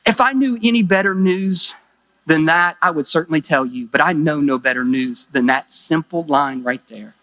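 A man's voice: on the high side, normal speed, bright, forceful tone. A middle-aged man preaching a sermon as pastor, emphatic, with rising exclamations.

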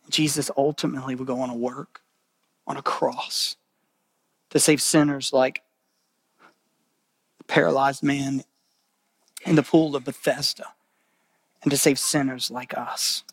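A man preaching a sermon as a pastor. He talks in an earnest, conversational way, repeats phrases for weight, and moves between loud emphatic bursts and quiet, hushed lines. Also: on the high side, vocal fry, no echo, clean studio sound.

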